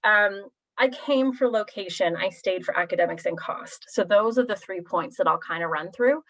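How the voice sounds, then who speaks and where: A woman's voice: medium pitch, normal speed. A woman from Pennsylvania in her thirties, giving a chatty, informal presentation on a video call. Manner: chatty, friendly, lots of fillers. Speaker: university recruitment presenter.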